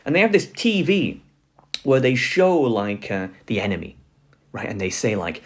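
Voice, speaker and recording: A man lectures casually for an online video, his speech loose and filler-heavy and broken by frequent chuckles. His voice is husky, with a lively, swinging pitch. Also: moderate pace.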